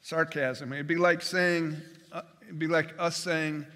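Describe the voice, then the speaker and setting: A man's voice: on the high side, flat delivery, unhurried, sharp tone, big-room sound. A man preaching a sermon as pastor, conversational and folksy, with jokes and everyday comparisons.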